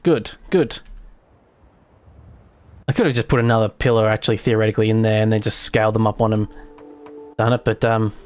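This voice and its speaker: A man's voice: fairly low pitch, fairly even intonation, brisk, pauses often, darkish tone, soft background music. Chatty mild-accented Australian man streaming. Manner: rambling and chatty, answers chat, laughs easily, trails off mid-sentence. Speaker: game streamer. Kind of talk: casual live-stream chat while building in a game.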